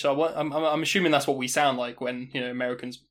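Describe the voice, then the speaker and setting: Mid-pitched British male podcast co-host, chatty and good-humoured, laughs easily. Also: flat delivery, rapid-fire, a bit bright. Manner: chatty, laughs between points. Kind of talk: casual gaming chat.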